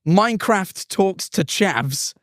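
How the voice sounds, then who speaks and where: Young british guy, high voice, dry close mic, gets excited acting out stories. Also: takes it slowly, dry recording. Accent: British English. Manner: excitable, acts out quoted dialogue. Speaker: podcast co-host. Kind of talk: casual podcast chat.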